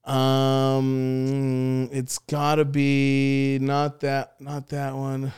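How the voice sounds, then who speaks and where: A man with a smooth, resonant voice, hosting a podcast and reading trivia questions in loose, profane banter. He is recorded close and dry on a studio mic, with no room sound. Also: mid-range voice, completely flat delivery, a little mellow, dry recording. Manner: swearing, quick banter. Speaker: podcast host. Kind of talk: casual chat over a trivia game.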